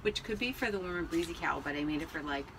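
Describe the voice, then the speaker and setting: A woman's voice: sits low, lively intonation, fast, far from the mic, noisy background. A woman in her forties co-hosting a casual chat, talking frankly and self-deprecatingly about herself. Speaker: podcast co-host.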